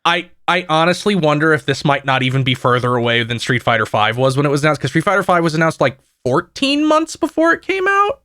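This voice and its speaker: Bright-voiced man ranting on a podcast. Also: on the high side, big pitch swings, fairly quick, hardly any pauses. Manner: swears freely, opinionated rants. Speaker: podcast co-host. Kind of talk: casual podcast chat.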